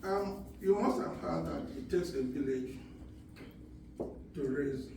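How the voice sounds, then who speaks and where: A man's voice: fairly high pitch, slow pace, gravelly. An older man giving an earnest, fatherly wedding speech about honesty and tradition. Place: wedding reception hall. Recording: echoey hall from far off, background noise.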